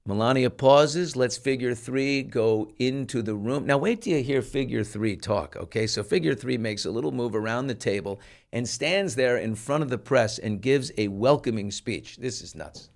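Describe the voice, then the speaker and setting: A middle-aged man hosts a podcast in a loose, chatty way. He hedges with fillers and sounds incredulous at the news he is covering, and his voice sits at an ordinary pitch. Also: expressive, moderate pace, vocal fry. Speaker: podcast host. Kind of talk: casual commentary.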